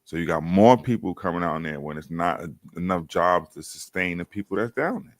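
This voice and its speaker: Deep-voiced Brooklyn man, casual podcast chat. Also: a little fast, no echo. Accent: New York. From Brooklyn, New York. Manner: animated storytelling, swearing freely.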